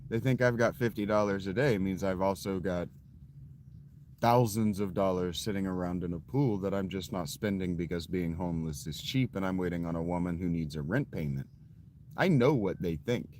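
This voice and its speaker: A man's voice: low voice, a little mellow, slight background noise. A man in his late thirties telling a story to his viewers in a casual, blunt way, with frequent profanity. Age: late 30s. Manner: blunt, profane, laughs at his own stories. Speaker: vlogger.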